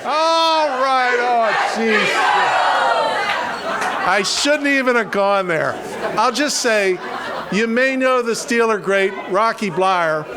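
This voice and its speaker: A man with a notably high voice emcees a political rally, stumbling through restarts and tossing in self-deprecating jokes. He is from western Pennsylvania and keeps things loose between speakers. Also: expressive, unhurried, a loud crowd.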